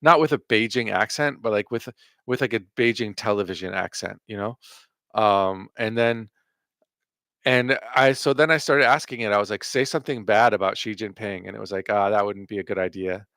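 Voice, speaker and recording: Sarcastic, swearing man with a low voice. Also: moderate pace, bright, forceful tone, dry recording, studio quality. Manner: profane, sarcastic rebuttals. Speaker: commentary host reacting to clips. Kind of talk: reaction commentary.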